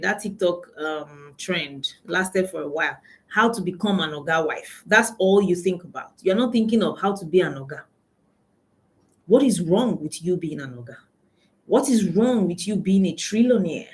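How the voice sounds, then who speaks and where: A Nigerian woman coaching her audience about money. She talks emphatically, repeating her main points and firing questions at her listeners. Her voice sits at an ordinary middle pitch for a woman. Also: darkish tone. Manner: emphatic, repeats key lines, asks the audience; laughs often while telling anecdotes. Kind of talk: motivational talk to an audience.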